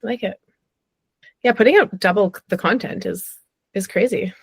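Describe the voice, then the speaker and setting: A woman's voice: mid-range voice, moderate pace, gravelly, slightly rough, dry recording. A woman guest who founded a business, chatting casually with short, encouraging replies. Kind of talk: casual chat.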